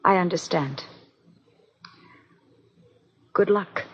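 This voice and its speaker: An actress playing a kind woman who cares for patients on a hospital ward, soft and formal in speech. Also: lowish voice, normal speed, breathy edge. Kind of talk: 1950s radio drama acting. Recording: dull lo-fi old radio broadcast.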